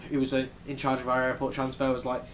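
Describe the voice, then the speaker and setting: A young man with a British accent talks fast and in a monotone, his pitch medium, as he rambles through a casual travel vlog full of ums. The setting is a New York City hotel room, with slight background noise.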